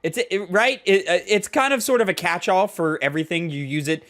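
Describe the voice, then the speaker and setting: A man co-hosting a gaming podcast, chatting casually and retelling stories with animated, filler-heavy delivery. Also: sits high, brisk. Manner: animated storytelling, lots of "like". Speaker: podcast co-host. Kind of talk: casual chat.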